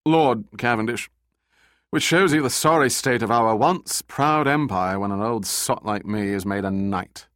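A man voicing a drunken, genial upper-class English older gentleman with slurred speech and a British accent. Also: lowish voice, a little slow, no room sound, clean studio sound. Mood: jovial. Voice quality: slurred, belching.

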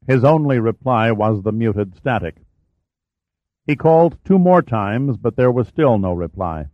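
An audiobook narrator, a man with a medium-pitched voice, reads a scripted story in a measured, even way. The recording is dry and slightly dull.

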